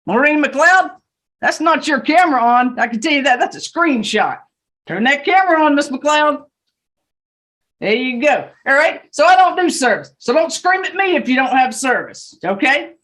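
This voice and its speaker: Woman, Southern US accent, judge, high voice, brisk, stern, joking, courtroom instructions. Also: expressive, a bit bright. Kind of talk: courtroom instructions on a video call.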